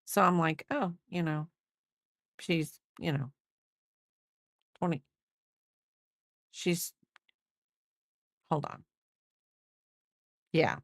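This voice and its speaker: A woman's voice: deep voice, steady tone, drawn-out words, long pauses, dry recording, studio quality. A woman in her fifties chatting casually while crocheting on a livestream, rambling and thinking aloud with lots of fillers. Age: 50s.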